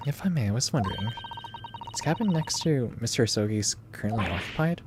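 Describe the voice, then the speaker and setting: A man voicing a formal, polite young Japanese woman assistant who speaks briskly. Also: medium pitch, expressive, noisy background, lightly acted.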